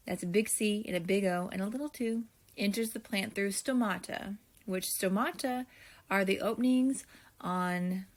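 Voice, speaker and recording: A woman teacher at an average pitch goes through her notes for a video lesson. She talks slowly and deliberately and thinks aloud as she writes. She speaks to her students in a friendly way. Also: gravelly. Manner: slow, deliberate, thinking aloud while writing; friendly, addresses students directly.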